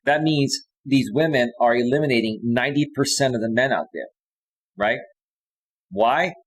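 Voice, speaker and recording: A middle-aged man coaching on dating in a live stream monologue, telling a story with lively delivery and reading messages aloud. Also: medium pitch, moderate pace, poor audio. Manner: animated storytelling, reads messages aloud in a raised voice.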